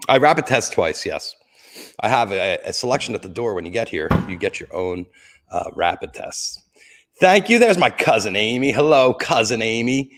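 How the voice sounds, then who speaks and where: A man's voice: lowish voice, big pitch swings, moderate pace, fairly bright tone. A middle-aged man hosting a casual livestream from home beside a Christmas tree, rambling and joking, greeting viewers by name and coughing now and then. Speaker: livestream host.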